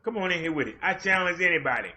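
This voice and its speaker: A livestream host with a high-pitched, expressive voice rants at a very fast clip, his delivery pushed and bright. He's fiery and confrontational, openly challenging his chat, and the stream audio comes through dull and lo-fi.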